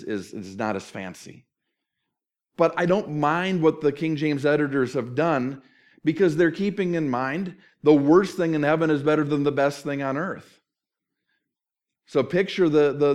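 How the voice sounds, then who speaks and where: A middle-aged man preaching a sermon, conversational and lively, tossing in rhetorical questions and quoted asides. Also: medium pitch. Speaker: pastor.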